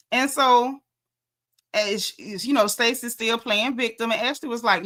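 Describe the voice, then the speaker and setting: A woman's voice: a little high, unhurried, a bit bright. A woman giving a sassy, slangy recap of a reality show episode, gossiping and calling out the cast.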